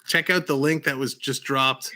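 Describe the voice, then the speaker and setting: A man's voice: medium pitch, fairly even intonation, normal speed, sharp tone. A man hosting a livestream in casual chat, upbeat and laughing often. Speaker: livestream host.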